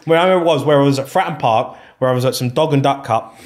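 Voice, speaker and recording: A man's voice: mid-range voice, fast. A man guesting on a podcast as a former footballer, telling his story candidly and swearing freely. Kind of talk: casual storytelling interview.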